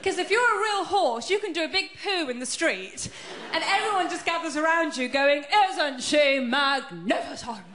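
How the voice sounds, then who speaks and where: A woman from Iran, doing a stand-up routine on stage, chatty with deadpan punchlines. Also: very high-pitched, moderate pace. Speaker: stand-up comedian. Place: large theatre with a live audience. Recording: echoey theatre with a faint crowd.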